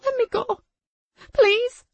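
A woman voicing a terrified little girl who pleads in a shaky, high baby voice. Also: fairly even intonation, measured pace, darkish tone, no room sound, highs cut off. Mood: pleading.

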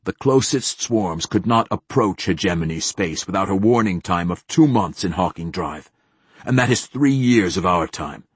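Guy doing a curt deadpan admiral, low husky voice, dry sound. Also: moderate pace, no echo. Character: cold, clipped middle-aged male fleet admiral.

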